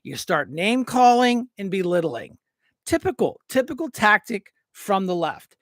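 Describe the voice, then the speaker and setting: A middle-aged man from Northwestern Pennsylvania retelling a confrontation in an animated, casual monologue, acting out both sides of the argument. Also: sits high, a little slow, dry recording, clean studio sound. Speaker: show host.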